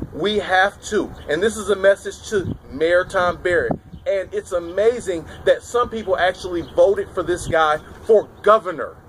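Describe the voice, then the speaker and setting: A man with a somewhat high voice delivers opinionated political commentary, stressing and repeating his points. He is recorded outdoors on a city street on a camera mic. Gusts of wind and passing cars sit clearly under his voice. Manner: emphatic, repetitive phrasing. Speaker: political vlogger. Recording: wind and traffic noise outdoors.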